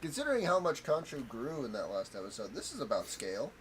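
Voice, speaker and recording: A man making quiet, offhand joking asides on a casual home stream, speaking from away from the mic. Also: mid-range voice, wildly swooping pitch, quick pace, a little hiss or hum. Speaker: co-host brother.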